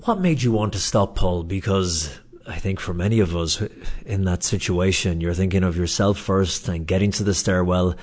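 A man's voice: deep voice, normal speed, few pauses, a little mellow. A man interviewing a guest for a documentary, asking probing, empathetic questions.

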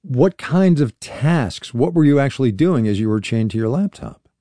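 A man hosting a radio interview, speaking in a measured way with small restarts. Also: medium pitch, expressive, dark tone, no room sound. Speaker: radio show host. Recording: dry studio sound.

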